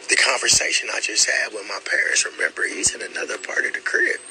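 A young man tells a personal story in a halting, earnest way, repeating words and using many fillers. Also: lowish voice, sing-song, vocal fry, bright, forceful tone, slight background noise, poor audio. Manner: earnest and emotional.

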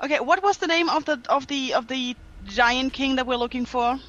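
A woman's voice: high voice, moderate pace, fairly bright tone, muffled recording. A woman playing a tabletop game, giggly and apologetic. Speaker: player.

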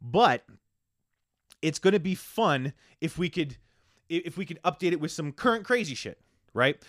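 A man, hosting a casual solo podcast and ranting profanely, swinging between loud outbursts and hushed asides. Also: on the high side, lively intonation, normal speed, dry recording, clean studio sound. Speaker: podcast host.

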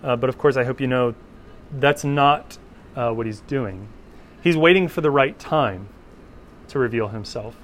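A man's voice: mid-range voice, measured pace, pauses often. A man teaching a Bible class in an informal lecture, talking conversationally and often checking in with "right?".

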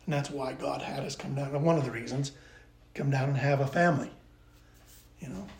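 A man's voice: mid-range voice, fairly even intonation, a little fast, vocal fry. Earnest older man, echoey room. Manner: earnest, rambling with restarts, turns emotional. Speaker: podcast guest. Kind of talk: casual interview chat.

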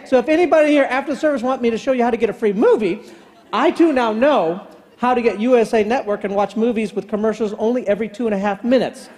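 A man's voice: very high-pitched, fast talker, darkish tone. A man in his fifties, a pastor telling a comic story in a sermon and acting out the dialogue with sound effects. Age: 50s. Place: church sanctuary. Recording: long church hall reverb.

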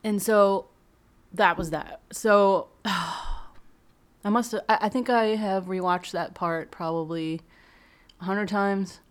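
A woman giving a casual, excited fan review, rambling and emotional as she talks. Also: medium pitch, slow.

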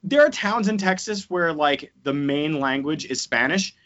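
High, bright-voiced podcast host swearing casually. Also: male voice, expressive, a little slow. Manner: rambling, profane, joking. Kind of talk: casual chat. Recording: dull lo-fi podcast audio.

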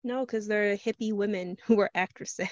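A young woman co-hosting a casual chat, adding points slowly and unsure of herself, with plenty of hedging. Her mid-pitched voice is dry and close, but the recording sounds slightly muffled and lo-fi. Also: steady tone, no room sound. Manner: slow, hesitant, unsure hedging.

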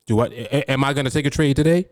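A man's voice: mid-range voice, fast talker, a little mellow, dry recording, clean studio sound. A man with a New York accent hosting a solo podcast, lecturing in a preachy way and throwing out rhetorical questions. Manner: preachy, rhetorical, keeps asking "you see?". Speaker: podcast host and trading coach.

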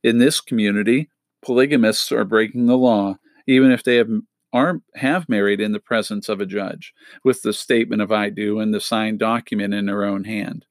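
A man's voice: on the low side, fairly even intonation, normal speed, no echo, natural voice. Boy read: a man voicing a worried, bookish kid, earnest questions, dry close sound.

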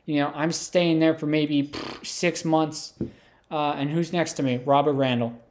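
A man's voice: a little high, fairly even intonation, a little slow, a little mellow. A man telling an absurd comedic story in a rambling, filler-heavy way.

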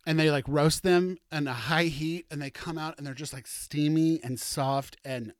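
A man's voice: fairly high pitch, fairly even intonation, normal speed, dry recording, studio quality. A middle-aged man hosting a casual solo podcast, chatty and campy, with bursts of mock outrage. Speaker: podcast host.

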